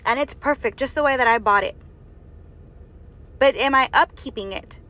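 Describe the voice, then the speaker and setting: A woman with a high-sitting, sharp-toned voice speaks at normal speed in a preaching monologue on faith and health. She earnestly exhorts her listeners, firing off strings of rhetorical questions.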